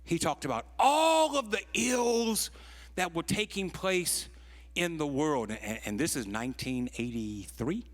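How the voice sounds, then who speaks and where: A pastor in his sixties, with a fairly high, expressive voice, preaches a storytelling sermon. He sinks into hushed tones, then climbs to loud peaks, stretching out key phrases slowly.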